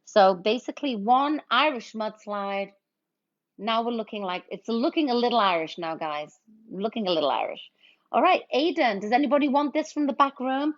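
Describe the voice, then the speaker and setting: A woman's voice: a little high, expressive, moderate pace. Chatty woman hosting a cocktail livestream. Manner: chatty, greets viewers with pet names like honey and boo. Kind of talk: casual livestream chat while mixing drinks. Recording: slightly dull lo-fi stream audio.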